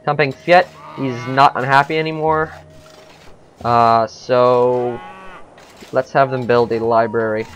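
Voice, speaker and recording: A man's voice: medium pitch, steady tone, slow, a bit bright, muffled recording, a little hiss or hum. A man giving casual let's-play commentary on a strategy game, thinking aloud with frequent hesitations.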